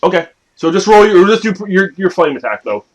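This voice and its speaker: A man narrates as game master for a family tabletop game, his voice sitting on the higher side for a man. He keeps the telling playful and lively, with sudden loud bursts at dramatic moments. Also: brisk.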